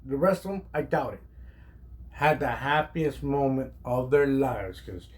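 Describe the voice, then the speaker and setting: A man, a chef, telling a personal story in a casual, animated way, emphatic and full of "like". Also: medium pitch, measured pace. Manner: animated, emphatic, heavy use of "like".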